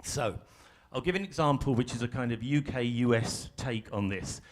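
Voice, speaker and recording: A man facilitating a live workshop addresses a ballroom audience from a large stage in a conversational style. He uses self-deprecating humor, with a medium-pitched voice at a moderate pace.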